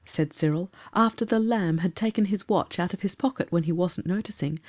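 Woman narrating a classic kids story, warm mellow voice, steady and expressive. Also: on the low side. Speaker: audiobook narrator.

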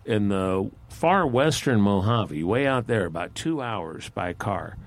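Brief: a relaxed, folksy male storyteller, low and very slow. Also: slight background noise. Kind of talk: folk tale narration.

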